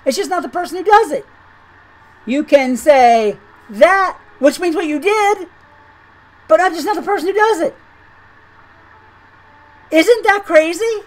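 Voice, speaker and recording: A woman with a high-pitched voice talks through a gaming video in a loose, conversational way. She rambles and doubles back on her words, sounding incredulous. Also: lively intonation, measured pace, long pauses, rough recording. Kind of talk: chatty commentary over gameplay.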